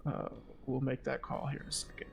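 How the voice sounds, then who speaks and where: A man running a tabletop game as game master, speaking haltingly with many fillers and restarts. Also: medium pitch, completely flat delivery, creaky, a little hiss or hum.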